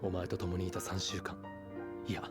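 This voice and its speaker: A man's voice: deep voice, completely flat delivery, fast, close to an everyday voice. A man voicing an intense young anime scientist. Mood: earnest. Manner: earnest, insistent declarations. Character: intense young male scientist confessing love. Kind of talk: Japanese anime dialogue. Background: anime soundtrack music.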